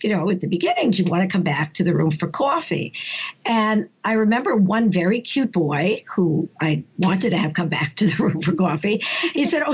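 A middle-aged woman with a New York accent, talking as a guest in a casual interview. Her voice is husky and breathy, and she jumps up in pitch and laughs often as she tells her stories. The recording sounds a bit dull and lo-fi. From United States, Brooklyn and Long Island. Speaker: author and humorist, podcast guest.

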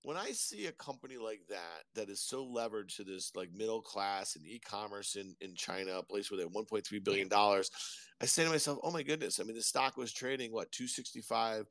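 A man co-hosting a markets podcast, chatting casually in an excitable, rambling way. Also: lowish voice, a little fast, no room sound. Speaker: podcast co-host.

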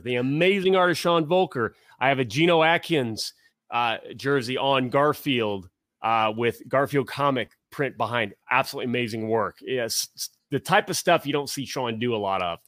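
A man's voice: medium pitch, a bit bright, no room sound, clean studio sound. A man from Tennessee and Ohio, co-hosting a casual sports chat, rambling through long stories and often stopping to restart. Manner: rambling, storytelling, self-interrupting. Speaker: podcast co-host.

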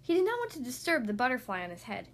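A woman reads a picture book aloud for young kids in a bright, animated storytelling manner. Her voice sits high and moves around a lot. She hosts her own reading podcast. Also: fast. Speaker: podcast host and children's book reader.

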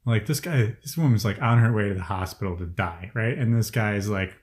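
A man in his thirties from the Chicago area, telling personal stories in a casual group conversation, cursing often and getting louder as he gets angry. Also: fairly low pitch, fairly quick. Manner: profane, heated storytelling, voice rising when angry. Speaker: guest sharing personal stories.

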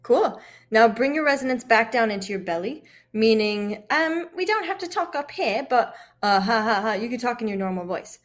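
A woman's voice: on the high side, expressive, moderate pace, few pauses. A woman with an American accent coaching accents, encouraging and full of fillers like "um". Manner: encouraging, many fillers, laughs often. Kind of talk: coaching lesson conversation.

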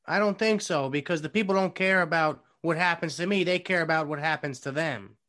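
A man's voice: fairly high pitch, brisk, pushed and bright. Boastful comedic podcast man. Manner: boastful, over-the-top confident. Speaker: podcast co-host. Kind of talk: casual comedic banter.

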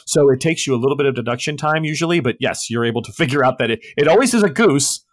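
A man's voice: medium pitch, lively intonation, quick pace, no echo. A man running a tabletop game as game master, telling the scene vividly and laughing often.

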